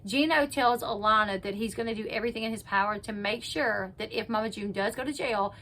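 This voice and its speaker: A woman's voice: mid-range voice, brisk, a bit bright. A woman casually retelling a TV episode for her channel, chatty and full of "like", acting out what people said. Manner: chatty, peppers speech with "like", acts out quotes. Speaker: YouTube recap host.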